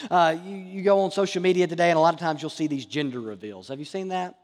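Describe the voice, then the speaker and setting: A man's voice: a little high, fast talker, in a large hall. A man preaching a sermon as pastor, earnest and emphatic, often asking rhetorical questions.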